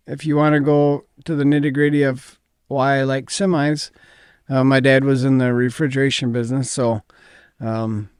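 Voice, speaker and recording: A man's voice: mid-range voice, a little mellow, clear, resonant tone, no echo, studio quality. A middle-aged man with a Midwestern American accent, a company founder talking modestly and hesitantly in an interview. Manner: modest, hesitant, many ums. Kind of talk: casual interview talk.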